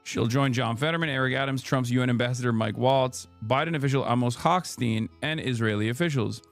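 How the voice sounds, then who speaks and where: A man's voice: mid-range voice, fairly quick, soft background music. A young man hosting a live political stream, casual and sarcastic, swearing often.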